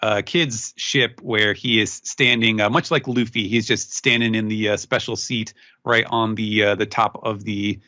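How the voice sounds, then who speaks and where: A man hosting a podcast, recapping a manga chapter in casual chat with many fillers and quick put-on character voices. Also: fairly even intonation, bright, forceful tone, no room sound, clean studio sound. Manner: rambling recap, voices characters in sudden high put-on squeaks. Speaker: podcast host.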